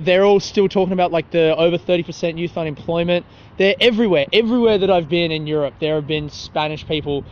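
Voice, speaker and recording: Profane young man rambling into a phone. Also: on the high side. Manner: profane, self-mocking, laughs at his own jokes. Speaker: podcast host. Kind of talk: rambling solo podcast recorded on the street. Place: city street outdoors at night. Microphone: phone held while talking. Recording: dull phone recording with street noise. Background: faint traffic and passers-by.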